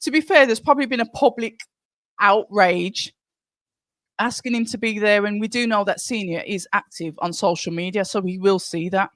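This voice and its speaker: A woman's voice: medium pitch, normal speed, a bit bright, dry recording. Woman on a live watch-along, chatty, dry close sound. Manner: chatty, reads viewer comments aloud. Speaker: livestream host. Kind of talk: casual live commentary chat.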